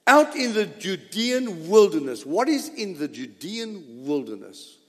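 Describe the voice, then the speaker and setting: A male pastor preaching a sermon in a church, animated and exhorting his congregation. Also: sits high, a little slow, big-room sound. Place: church sanctuary.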